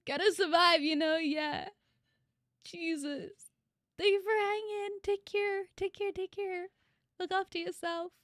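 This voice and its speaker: A woman's voice: extremely high pitch, fairly even intonation, a little slow, a bit bright, dry recording, clean studio sound. A young woman streaming live, chatting casually with her viewers, effusive and grateful, swearing freely. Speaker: VTuber streamer.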